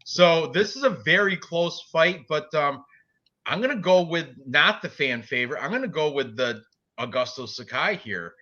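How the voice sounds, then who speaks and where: Bright-voiced man chatting fight picks. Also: a little high, expressive, moderate pace, highs cut off. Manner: rambling, self-correcting, casual swearing. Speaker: co-host giving fight picks. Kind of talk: casual podcast chat.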